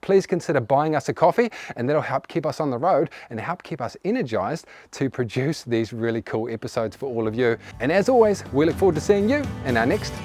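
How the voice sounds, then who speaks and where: A man's voice: medium pitch, animated, fairly quick, hardly any pauses, a little mellow, soft background music. A man hosting a tiny home tour vlog, chatty and upbeat as he walks through the rooms. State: a little out of breath.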